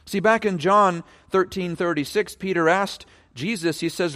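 Preaching a sermon at a normal speed, a man with a fairly bright tone explains a passage and stresses key words emphatically. His pitch varies widely for emphasis, and a large hall's long reverb surrounds the recording.

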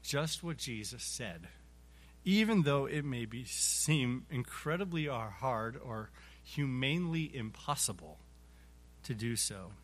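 A man teaching an adult Sunday school Bible lesson, halting and repeating words, chuckling as he acts out illustrations. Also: medium pitch, lively intonation.

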